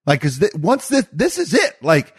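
A man co-hosting a casual podcast, teasing his partner and pressing her with the same question again and again. His voice moves a lot in pitch, and the sound is dry and close. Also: huge pitch swings, normal speed, slightly rough, dry recording. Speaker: podcast co-host. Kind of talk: casual chat.

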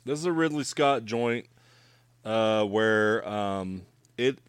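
A man's voice: fairly low pitch, slow, smooth, no echo. A man chatting casually about movies, rambling with lots of fillers and swearing.

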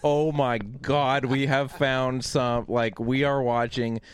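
A man's voice: mid-range voice, slow pace, clean tone. A man on a podcast, chatting casually and swearing as he laughs his way through a review of a bad movie. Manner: animated, swearing, laughing often. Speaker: podcast co-host.

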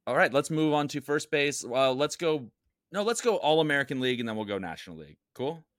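A man's voice: a little high, lively intonation, quick pace, a bit bright, no echo, clean studio sound. A man co-hosting a casual podcast, explaining things in an upbeat, enthusiastic way. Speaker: podcast co-host.

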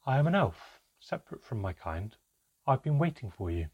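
A man voicing a calm, aloof female elf in an audiobook, speaking in a measured way with deliberate pauses and a husky voice. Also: medium pitch, lo-fi sound. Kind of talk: audiobook character reading.

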